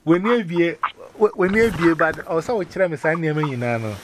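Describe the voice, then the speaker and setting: A man with a Ghanaian accent in a casual phone chat, talking in an animated, rambling way with many restarts and exclamations. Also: fairly high pitch, moderate pace, heavy background noise. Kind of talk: casual phone chat mixing Twi and English.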